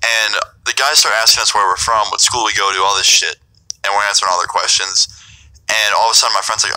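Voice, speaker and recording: Profane young storytelling vlogger, bright voice. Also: male voice, on the low side, fast, smooth, poor audio. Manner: casual, profane, animated storytelling. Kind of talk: storytime vlog.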